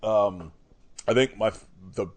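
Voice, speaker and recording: Low-voiced man in swearing podcast chat. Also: a little slow, a little mellow. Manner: laughs often, swears freely, rambling. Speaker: podcast co-host. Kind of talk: casual chat.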